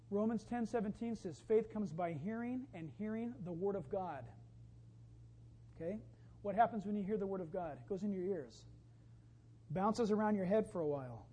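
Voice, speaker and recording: A woman pastor delivering a sermon, emphatic and building to loud exclamations. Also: medium pitch, breathy edge, poor audio.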